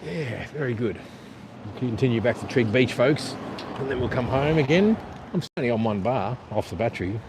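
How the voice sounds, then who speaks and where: A man's voice: medium pitch, animated, normal speed. A man with an Australian accent from the east of the country, chatting casually on a live stream while riding a coastal path, rambling and blunt with casual swearing. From eastern Australia. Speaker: vlogger. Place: outdoors on a coastal bike path. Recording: outdoor wind and traffic noise.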